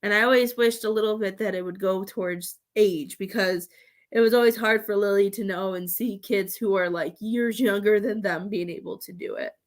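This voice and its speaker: A woman giving a live psychic reading, rambling with halting restarts and calling her sitters "love.". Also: mid-range voice, fairly even intonation. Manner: affectionate terms for sitters. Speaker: psychic medium.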